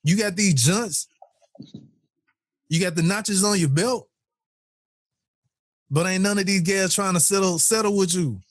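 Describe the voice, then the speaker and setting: A man co-hosting a casual podcast, telling stories with lots of laughter and acted-out quotes. His voice sits a bit high for a man. The sound is dry and close. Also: a little slow, long pauses, no room sound. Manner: animated storytelling, laughs often, acts out quotes. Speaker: podcast co-host. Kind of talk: casual chat.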